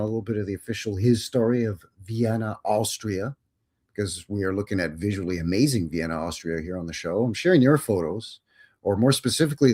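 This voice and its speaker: A man's voice: lowish voice, darkish tone, breathy edge. A man hosting a live show, chatting casually and greeting viewers by name. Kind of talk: casual livestream chat.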